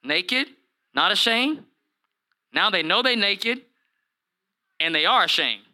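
A man pastor preaching a lively sermon, acting out Bible characters in comic voices and calling out to his listeners. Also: high voice, slow. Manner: animated, acts out Bible characters in funny voices, calls to the congregation by name.

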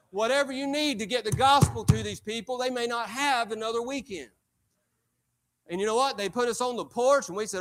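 Casting note: male preacher, high voice, emphatic, repeats lines for weight. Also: brisk, a bit bright. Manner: preaching with emphatic repetition and rising intensity. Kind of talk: sermon. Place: church.

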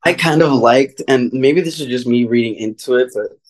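A man co-hosting a podcast, giving quick wry remarks in casual movie chat. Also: mid-range voice. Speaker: podcast co-host.

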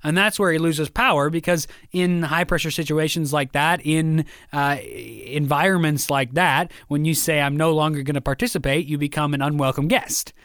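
A man's voice: on the high side, steady tone, moderate pace, hardly any pauses, fairly bright tone, no room sound, clean studio sound. A man in casual conversation about a play, acting out quoted lines with animation. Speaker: podcast co-host discussing a play. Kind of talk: casual chat.

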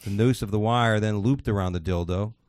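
A man's voice: lowish voice, a little fast, a little mellow, dry recording, studio quality. A man hosting a podcast, chatting casually and reading out odd news stories in a crude, swearing, laughing way. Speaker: podcast host.

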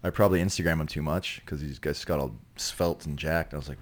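Canadian male actor, deep voice, loose laughing storyteller, casual chat. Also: fairly even intonation, fairly quick. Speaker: guest actor.

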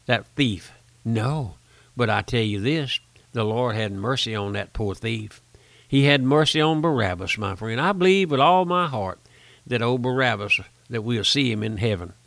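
A man's voice: medium pitch, creaky, a bit bright, no echo. An older man preaching a folksy radio sermon, pleading with the listener and rising to emphatic peaks.

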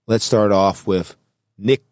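A man's voice: fairly low pitch, slow, darkish tone, no room sound. Man, host of a casual chat, narrates scenarios, dry close sound.

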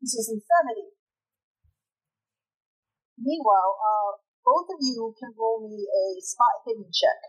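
A woman's voice: a little high, a little slow, pauses often, rough recording. A woman runs a tabletop role-playing game as its game master. She narrates scenes in a loose, casual way, with fillers and restarts. She also explains the rules as she goes.

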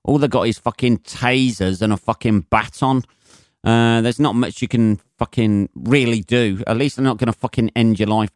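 A man's voice: medium pitch, moderate pace, no room sound, clean studio sound. A British man hosting a podcast, ranting and swearing at length in a rambling, mocking way. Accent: British English. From Britain. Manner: sweary, rambling, mocks with put-on voices. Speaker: podcast host. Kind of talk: profane solo rant.

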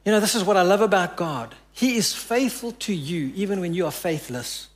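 A man with a fairly high voice delivers a sermon as pastor. He tells the story with rising emphasis, then drops soft and hushed to give the quoted words weight. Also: animated, normal speed. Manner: preaching with dramatic drops to soft quoted lines.

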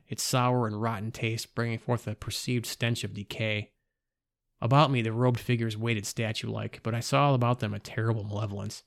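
A man reading a first-person gothic horror story in a measured storytelling voice. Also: fairly low pitch, no echo. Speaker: narrator.

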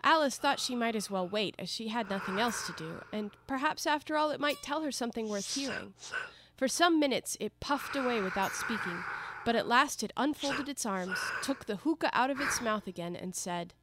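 A woman narrating a classic children's story aloud in a clear, measured and expressive reading. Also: fairly high pitch, noisy background.

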